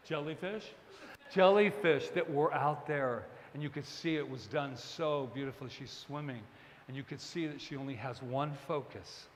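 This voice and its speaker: A man preaching a sermon as minister, animated and digressive, with joking asides to the congregation. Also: mid-range voice, in a large hall, slight background noise. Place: church service hall.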